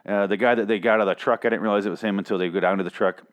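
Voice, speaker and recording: A man with a lowish voice recaps a TV episode on his own, talking loose and unscripted. He swears freely, drifts off on tangents and pokes fun at himself as he goes. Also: fairly even intonation, racing. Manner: rambling, profane, self-mocking. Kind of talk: casual solo recap.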